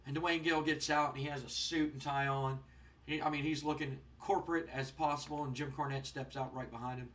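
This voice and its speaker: A man with a high voice narrating a wrestling sim playthrough in a relaxed, rambling way. He sounds a little distant from his microphone. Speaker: game let's player. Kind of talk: let's play commentary narrating a wrestling sim. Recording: voice distant from the mic.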